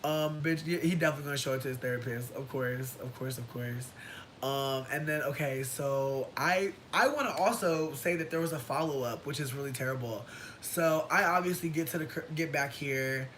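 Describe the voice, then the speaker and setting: A man's voice: normal speed, fairly bright tone, low-quality recording. A man casually telling a personal story to his livestream viewers, sassy and dramatic, with slangy asides. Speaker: livestream host. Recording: low rumbling background noise.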